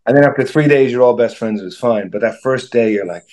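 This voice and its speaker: A man's voice: mid-range voice, quick pace, darkish tone. A man in his forties with an Irish accent, an actor guest telling stories in a casual interview with many restarts and repeated words. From Ireland. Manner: rambling, self-interrupting storyteller with frequent restarts.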